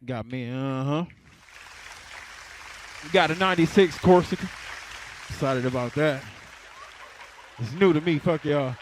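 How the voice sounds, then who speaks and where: A man's voice: on the high side, measured pace, pauses often, a little hiss or hum. A young adult man performing stand-up comedy. He talks in a laid-back way and keeps laughing at his own jokes.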